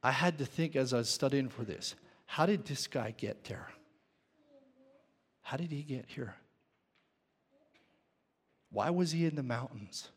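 A man's voice: mid-range voice, animated, measured pace, long pauses, breathy edge. A man preaching a sermon, often asking the congregation questions. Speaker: pastor. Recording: long hall reverb.

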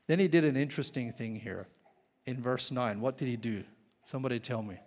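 A man's voice: mid-range voice, a little fast. A man preaching a sermon, often asking the congregation questions. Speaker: pastor. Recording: long hall reverb.

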